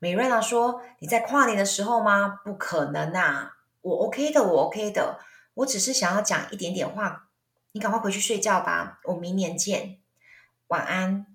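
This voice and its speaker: A woman's voice: medium pitch, moderate pace, a bit bright. Woman teaching English in a roomy space. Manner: explains phrases, then acts them out. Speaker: language teacher. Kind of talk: bilingual English lesson.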